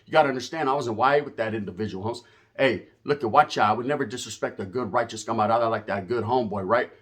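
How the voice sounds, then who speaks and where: A man talks straight to his viewers in a casual, profane rant. His pitch sits in the middle range. His delivery is emphatic and full of street slang, jumping from loud bursts to muttered asides. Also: fast. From US West Coast. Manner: animated, swings between loud and low. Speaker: channel host. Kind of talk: casual storytelling rant to camera.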